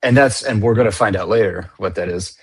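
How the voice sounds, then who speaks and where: A man co-hosting a casual comic book discussion, steering the talk in a measured way. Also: fairly low pitch, breathy edge, no room sound. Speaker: podcast co-host.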